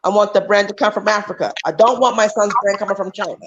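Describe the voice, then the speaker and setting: A woman's voice: mid-range voice, fast, highs cut off, background noise. A woman talking on a livestream call as a guest, emphatic and often restarting her sentences. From United States. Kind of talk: casual chat.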